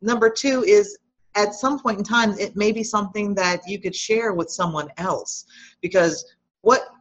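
A middle-aged woman, a guest in an interview, speaking in a reflective, gentle and advising way over dull lo-fi remote audio. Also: lowish voice. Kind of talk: conversational interview.

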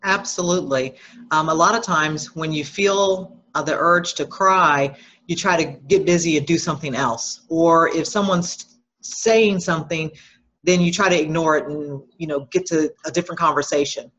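A middle-aged woman, a guest in an interview, speaking in a reflective, gentle and advising way over dull lo-fi remote audio. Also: low voice, normal speed. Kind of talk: conversational interview.

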